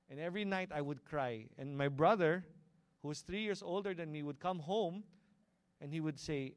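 A middle-aged man with a Filipino accent preaching a sermon, asking the congregation "Amen?" and moving between loud and hushed delivery. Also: fairly high pitch, moderate pace, no echo. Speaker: pastor. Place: cinema hall used as a church.

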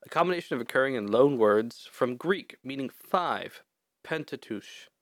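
A man co-hosts a podcast in casual chat, telling stories in an animated way and swearing freely. His voice is medium-pitched at a moderate pace, recorded with studio quality and no room sound.

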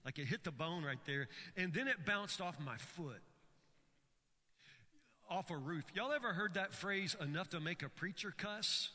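A man's voice: high-pitched, lively intonation, unhurried, pushed and bright, big-room sound. A man preaching a sermon, telling stories with frequent stammered restarts. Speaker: pastor.

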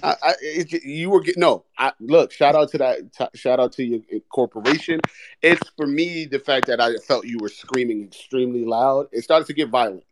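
A man hosting a live audio show, easygoing and teasing, with halting restarts. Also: medium pitch, background noise. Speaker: podcast host.

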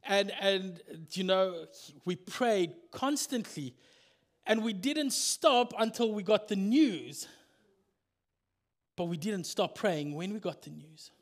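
A male pastor preaching a sermon in an animated storytelling manner, acting out the scenes. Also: high-pitched, takes it slowly.

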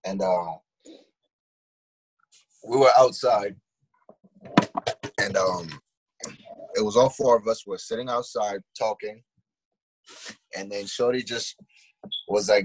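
A deep, husky-voiced man with a New York accent, talking casually on a podcast. He tells personal stories bluntly and swears freely, in a loose, conversational flow. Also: takes it slowly, pauses often. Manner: blunt, profane storytelling. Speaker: podcast co-host. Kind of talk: casual chat.

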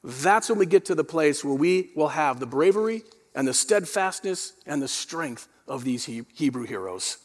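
A man's voice: on the high side, lively intonation, moderate pace, hardly any pauses, big-room sound. A male pastor preaching a sermon, asking his listeners questions and calling on them to answer. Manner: preaching with rising intensity, rhetorical questions, calls to the congregation.

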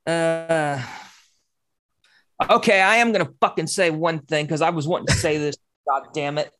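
A woman's voice: low-pitched, moderate pace, a bit bright. A woman in her forties telling a story in casual podcast chat, heated and swearing freely.

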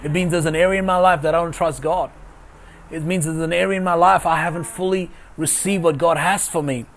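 A man's voice: a little high, fairly even intonation, brisk. A man preaching an online sermon as pastor, emphatic and repeating his key phrases. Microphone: video call.

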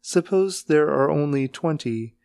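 A man's voice: on the high side, expressive, measured pace, gravelly, darkish tone, dry recording. A man reading as a humble old patriarch. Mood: pleading. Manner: humble, pleading. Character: elderly male patriarch pleading humbly.

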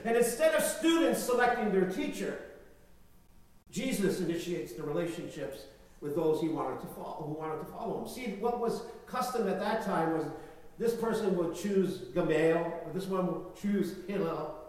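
A man preaching a sermon with emphatic, repetitive phrasing and big swings between quiet and loud, in a large church hall. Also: high voice, animated, normal speed. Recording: echoey hall, voice from far off.

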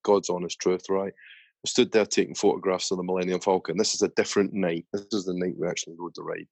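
A man's voice: low-pitched, little pitch movement, fast, creaky, darkish tone, dry recording. A man hosting a podcast, telling stories in a casual, chatty way. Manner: chatty storyteller. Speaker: podcast host. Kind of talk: casual chat.

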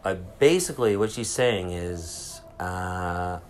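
Low-pitched and slow, the man's voice carries a casual, rambling solo podcast story from a cruise ship cabin, full of swearing and sidetracks. There's slight background noise, including public announcements.

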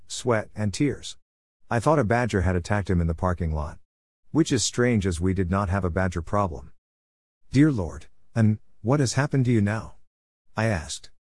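A man tells a funny first-person story in a somewhat low voice, delivering it with dry, wry timing and acting out the quoted dialogue himself. The recording is close and dry, with no room sound. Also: no echo. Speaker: storyteller reading his own blog post.

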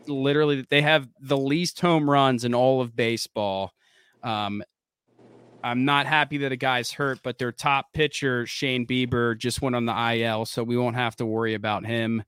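Co-host type: excitable man with a bright, crisp voice, rambling through sports chat in a dry, close sound. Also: medium pitch, normal speed, no echo. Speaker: podcast co-host. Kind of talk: casual sports podcast chat.

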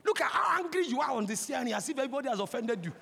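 A man in his forties with a Nigerian accent, preaching a sermon as a pastor, impassioned and breaking into shouts. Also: extremely high pitch, expressive, racing, vocal fry. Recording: long hall reverb.

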